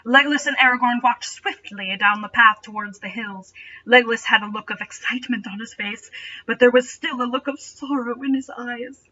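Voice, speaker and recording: Young woman reader, bright tone, deadpan sarcastic asides, slightly distant, lo-fi home recording. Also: a little high, normal speed, slight background noise. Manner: dry, mocking, deadpan asides. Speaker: reader and commentator. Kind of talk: reading fanfiction aloud with sarcastic asides. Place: bedroom at home.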